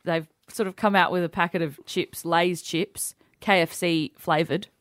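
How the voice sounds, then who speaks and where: A woman's voice: on the low side, fairly even intonation, moderate pace, a bit bright, no room sound, clean studio sound. An Australian woman co-hosting breakfast radio, chatting in a playful, casual way. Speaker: radio co-host.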